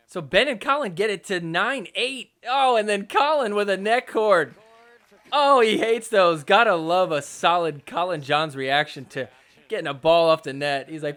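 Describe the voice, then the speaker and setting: A man with a notably high voice runs through match clips as a podcast host. He talks in an excitable, joking way and swears freely as he points out the action. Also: moderate pace. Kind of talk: recap commentary over match clips.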